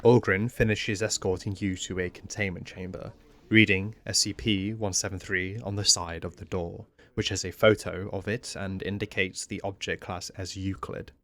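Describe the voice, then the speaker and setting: A man narrating a scripted game commentary in a measured, explanatory way. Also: low voice, fairly even intonation, a bit bright. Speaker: video essay narrator.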